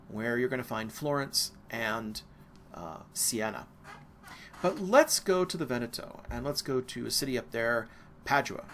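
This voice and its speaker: Casual American male lecturer, bright, rambling asides, faint hiss under the voice. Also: mid-range voice. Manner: casual, digressive, with asides and fillers. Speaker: art history lecturer. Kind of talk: recorded university lecture.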